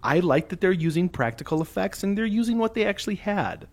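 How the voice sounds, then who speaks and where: A man with a high-sitting voice co-hosts a casual movie-review podcast, speaking fairly quickly. His commentary is animated and joking, full of comments and fillers.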